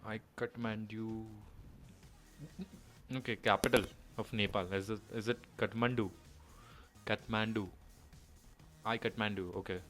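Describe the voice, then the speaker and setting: A man's voice: on the low side, fairly even intonation, measured pace, long pauses, a bit bright, faint music behind. A man giving casual reaction commentary, thinking aloud and mixing English with Hindi as he explains lines. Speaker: reaction video host.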